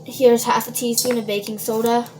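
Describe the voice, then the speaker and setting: Baking at home for her casual vlog, a high-pitched Minnesotan woman rambles to her viewers with plenty of fillers, speaking flatly at a normal speed. The kitchen is noisy, with dishes and cutlery clattering around her.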